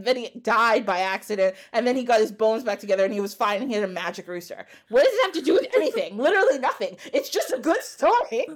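A woman podcast host casually retelling an old epic poem in a lively, laughing way. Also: fairly high pitch. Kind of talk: casual storytelling chat.

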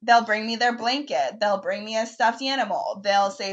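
A woman's voice: fairly high pitch, normal speed, lo-fi sound. A young woman, a mother and counseling student, co-hosting a casual podcast and talking candidly, laughing easily. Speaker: podcast co-host.

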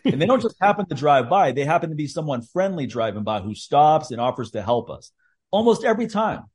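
A man hosting a podcast, telling stories in a loose, animated way, laughing often and acting out the people in them. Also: a little high, a little fast. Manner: animated storyteller, laughs often, acts out voices. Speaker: podcast host. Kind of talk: casual chat, storytelling.

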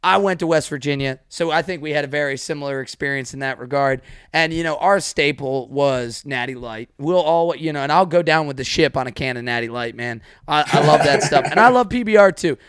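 A man hosting a podcast in casual chat, energetic and talkative with frequent laughs. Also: a little high, a little fast, hardly any pauses, smooth, no room sound, studio quality. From Mid-Atlantic United States. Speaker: podcast host.

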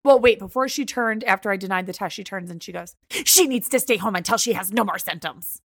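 A young woman chatting casually on a podcast, her voice carrying a lot of gravelly fry. She retells events with animation, playing out each side of the conversation. The sound is dry and close. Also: medium pitch, brisk, dry recording. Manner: animated retelling, acts out both sides of quoted dialogue. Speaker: podcast co-host. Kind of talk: casual storytelling chat.

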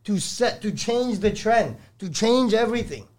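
High-voiced animated storytelling man. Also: a little slow. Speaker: construction company owner. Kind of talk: casual podcast chat.

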